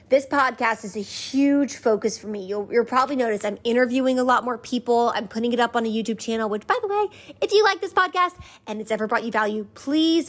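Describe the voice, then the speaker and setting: High-voiced woman preaching with emphatic repetition. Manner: emphatic, repeats phrases rhythmically; conversational, leads listeners to say lines back. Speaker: podcast host. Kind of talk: faith podcast teaching.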